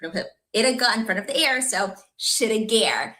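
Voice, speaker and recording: A woman's voice: a little high, rapid-fire, bright, forceful tone. A woman presenting an instructional video, patiently encouraging the viewer step by step. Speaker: tutorial presenter.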